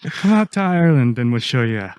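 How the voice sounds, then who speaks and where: A man's voice: medium pitch, big pitch swings, a little fast, darkish tone, clean tone, no room sound. A man co-hosting a podcast, telling stories in casual chat with a loose, swearing manner. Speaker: podcast co-host.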